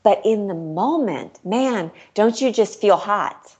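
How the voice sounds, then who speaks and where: A woman's voice: medium pitch, animated, takes it slowly, darkish tone, slightly rough. A woman author, a guest in a conversational interview, speaking earnestly and acting out what she says to her kids. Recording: dull lo-fi recording.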